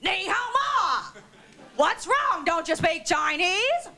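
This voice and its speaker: A woman's voice: very high-pitched, sing-song, takes it slowly, heavy background noise, pitched above the performer's own voice, exaggerated voice. A woman comedian imitating a pushy older woman who gets right in someone's face. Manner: loud, pushy.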